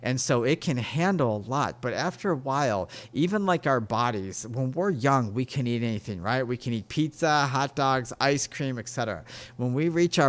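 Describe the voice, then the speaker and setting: A man hosting a podcast, talking in an earnest, rambling way about spirituality and telling stories. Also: medium pitch. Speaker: podcast host. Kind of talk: casual spiritual talk.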